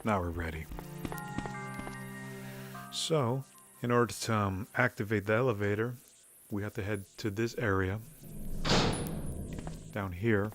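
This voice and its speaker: Man, low voice, easygoing let's-play commentary with game music behind. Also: measured pace, long pauses. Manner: relaxed, rambling, many "um" fillers. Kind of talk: casual gameplay commentary.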